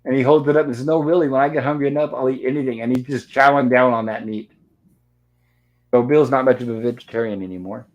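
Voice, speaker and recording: A man's voice: medium pitch, steady tone, fast, muffled recording. Man recapping a movie scene by scene. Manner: narrates scenes step by step, reading out dialogue. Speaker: host of a movie review livestream.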